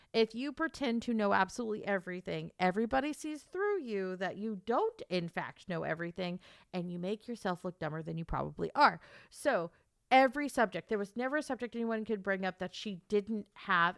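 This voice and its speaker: A young American woman streamer tells a gossipy story in casual chat, animated and packed with exaggerated quoted asides. Her voice is medium-pitched and gravelly, and the studio recording is clean with no echo.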